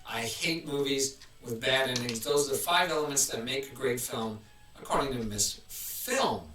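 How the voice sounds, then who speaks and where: A man's voice: mid-range voice, moderate pace, bright, forceful tone, a little hiss or hum. A man hosting a casual live stream, chatting in a rambling way and restarting his sentences often. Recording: roomy, mic at a distance.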